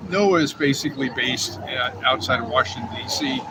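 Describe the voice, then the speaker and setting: Hesitant man amid loud street noise. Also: medium pitch. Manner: halting, with many fillers. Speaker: protester explaining his sign. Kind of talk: casual street conversation. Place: outdoors on a city street.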